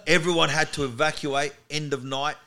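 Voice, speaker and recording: A comedian telling animated stories as a podcast guest in a studio. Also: male voice, a little high, normal speed, a little hiss or hum. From Australia. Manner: animated anecdote teller. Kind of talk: storytelling in podcast chat.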